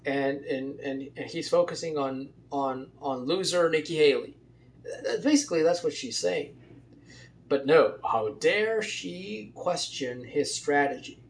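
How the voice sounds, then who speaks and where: A man's voice: fairly high pitch, animated, a little slow. A man giving casual, rambling political commentary with many fillers and restarts.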